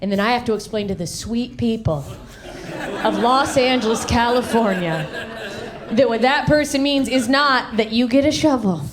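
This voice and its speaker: A woman from the American South doing a live stand-up comedy set on a handheld stage mic, brash, swinging her voice high and low for punchlines. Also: moderate pace. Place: live comedy venue with audience. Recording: live show with crowd laughter. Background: audience laughter.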